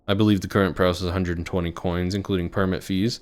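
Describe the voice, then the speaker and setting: A man voicing a cold, suave male doctor who speaks in a pompous, theatrical, polished manner, with music playing clearly behind. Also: sits low, flat delivery, fast talker, a little mellow, natural voice.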